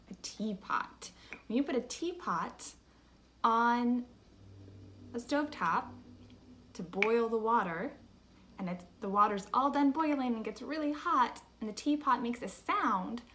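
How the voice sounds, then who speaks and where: A young woman teacher giving a slow, patient music lesson to children, asking them simple questions. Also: fairly high pitch, sing-song, a bit bright.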